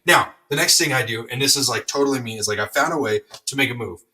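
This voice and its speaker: A middle-aged man hosting a podcast, telling a rambling, energetic story with lots of fillers. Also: mid-range voice, fast, far from the mic, a little hiss or hum, rough recording. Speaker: podcast host. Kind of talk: motivational podcast monologue.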